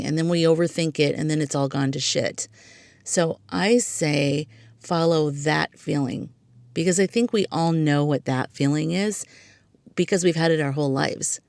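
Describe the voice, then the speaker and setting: This podcast host has a deep, somewhat mellow voice, recorded without echo. Alone at the mic, she muses casually and reflectively, leaning heavily on "like" and "you know."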